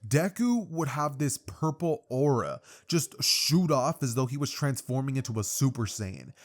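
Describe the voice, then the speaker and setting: A man's voice: medium pitch, normal speed. A young man casually narrating a fan-fiction story for his channel, rambling with lots of fillers. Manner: loose, filler-heavy, rambling. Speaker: YouTube storyteller.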